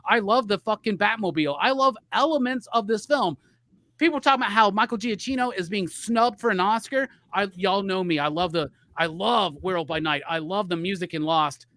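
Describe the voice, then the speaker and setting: A man's voice: high voice, fairly quick, bright, forceful tone, no echo. A middle-aged man co-hosting a live podcast, airing grievances in a heated, profane, rambling rant. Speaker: podcast co-host.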